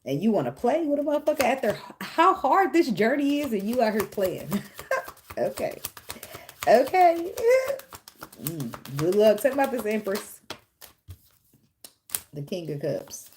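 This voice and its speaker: A woman's voice: medium pitch, very animated, normal speed, a little hiss or hum. A woman giving a casual tarot reading, blunt and profane, who laughs often and talks straight to the viewer. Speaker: tarot reader.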